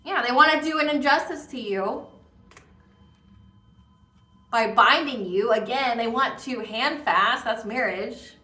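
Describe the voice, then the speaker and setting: A woman's voice: on the high side, measured pace, pauses often, pushed and bright, distant mic. A woman giving a casual tarot reading, rambling and emphatic, repeating words with many fillers. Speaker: tarot reader. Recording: echoey room, voice off-mic.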